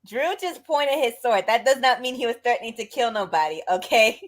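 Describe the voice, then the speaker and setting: A woman's voice: fairly high pitch, expressive, brisk. Woman co-host arguing her point about wrestling, casual chat.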